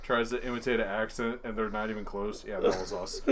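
A man's voice: on the low side, vocal fry, a little hiss or hum. A man co-hosting a podcast, joking and teasing his co-hosts in casual chat. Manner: teasing, joking, laughs often. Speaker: podcast co-host.

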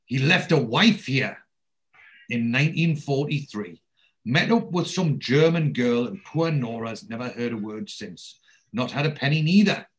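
Stern bitter older housewife, as a guy retells a tv scene, clipped and scornful, mid-pitched. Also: animated, measured pace, natural voice, poor audio.

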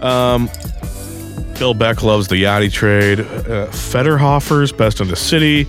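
A man's voice: mid-range voice, measured pace, faint music behind. A man co-hosting a casual sports talk show, reading listener questions and riffing on them playfully.

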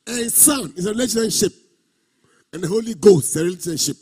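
Man, pastor, husky high voice, sermon, sung drawn-out emphasis, repeating phrases. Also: lively intonation, darkish tone.

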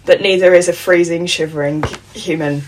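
A woman's voice: on the low side, normal speed, slight background noise, poor audio. A woman co-hosting a podcast, chatting casually and telling stories with lots of laughter. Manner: animated, laughs often, jokey storytelling. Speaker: podcast co-host. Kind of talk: casual chat.

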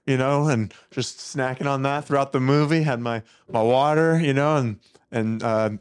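A man's voice: mid-range voice, moderate pace, clean tone. Joking man chatting about a film. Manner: joking, self-mocking, animated storyteller. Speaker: podcast co-host. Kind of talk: casual movie review chat.

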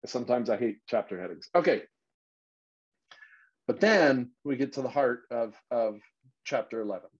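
A man's voice: medium pitch, animated, moderate pace, long pauses, husky. A man leading a casual Bible study, talking emphatically and thinking aloud as he explains. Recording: slightly dull lo-fi recording.

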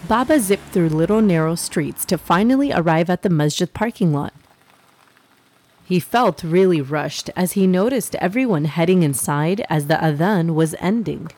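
A woman with a fairly low, expressive voice hosts and narrates a children's story podcast at a moderate pace. She's warm and upbeat, talking straight to her young listeners.

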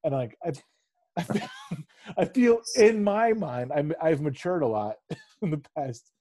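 A man in his thirties co-hosting a casual sports chat, rambling and animated, swearing freely and laughing often. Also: on the high side, measured pace. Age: 30s. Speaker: podcast co-host.

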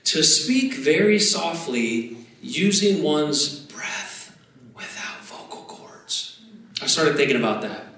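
A man's voice: on the high side, a little hiss or hum. Conversational male pastor in an echoey hall. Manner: conversational, animated, with asides and repeated words. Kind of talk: sermon with prayer. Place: church sanctuary. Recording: echoey hall, voice from a distance, faint ambience.

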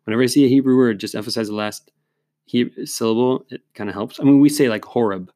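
A man's voice: medium pitch, quick pace, warm tone, no room sound. Guy hosting a podcast, rambly and chatty, medium voice, dry close sound. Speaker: podcast host. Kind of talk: casual chat.

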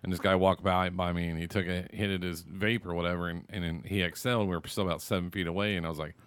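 A man's voice: low voice, fairly even intonation, fast talker, smooth, no echo, clean studio sound. A man in his forties hosting a podcast, telling rambling stories between laughs in casual chat. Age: 40s. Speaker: podcast host.

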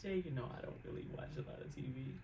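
A woman's voice: sits low, racing, warm tone, a little hiss or hum. A woman with a New York accent co-hosting a podcast in casual chat, laughing often and pressing for details. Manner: laughs often, clarifies and teases. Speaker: podcast co-host.

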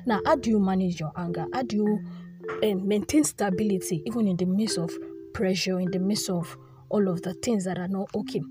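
A woman's voice: mid-range voice, a little fast, music in the background. A young woman giving an earnest devotional talk, often repeating her phrases. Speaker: devotional speaker. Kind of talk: informal devotional teaching.

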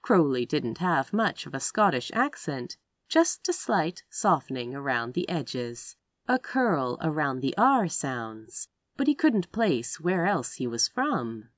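A woman reading a romance story aloud as narrator, with expressive delivery. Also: takes it slowly, no room sound, studio quality. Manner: expressive narration with wide pitch swings. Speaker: audiobook narrator.

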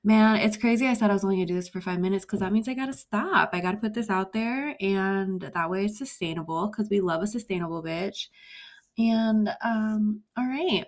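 A woman's voice: mid-range voice, brisk. A woman hosting a solo podcast in a casual, chatty Valley Girl-style voice, full of "like" and "um", a little nervous. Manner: Valley Girl-ish, lots of "like" and "um". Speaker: podcast host.

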